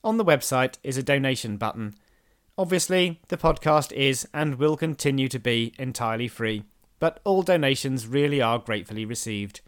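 A man, a podcast host narrating history in a measured storytelling manner with dry asides. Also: medium pitch, expressive, smooth.

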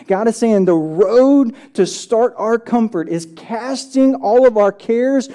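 A pastor delivers a sermon in church with a mellow, warm-toned voice. The talk feels like a conversation, with frequent check-ins to the listeners, and scripture passages are read slowly and with care. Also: medium pitch, lively intonation. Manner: conversational, often checks in with "right?"; reads scripture slowly and deliberately.

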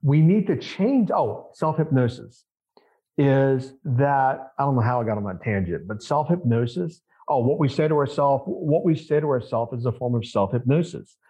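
With a medium pitch, dark tone and lively intonation, a mindset coach appearing as a podcast guest talks at a moderate pace. He repeats himself emphatically and poses rhetorical questions during the conversational interview, recorded in dull lo-fi.

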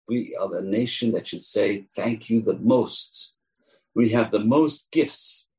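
A man's voice: lowish voice, gravelly, slightly rough, poor audio. A man teaching a Torah lesson as a rabbi, telling stories and acting out the voices in them. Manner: animated teller, acts out quoted voices.

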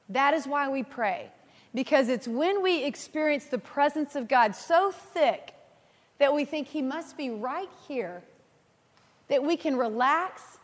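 Woman, thirties, preacher, sermon, animated storytelling, high pitch, hall reverb. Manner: earnest, animated storyteller who laughs at herself.

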